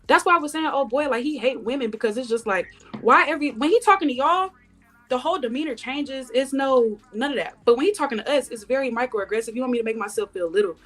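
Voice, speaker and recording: A woman's voice: high-pitched, fast talker, a bit bright. A woman panelist on a podcast, speaking bluntly and passionately in slangy casual talk. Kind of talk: heated podcast debate. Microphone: studio podcast mic.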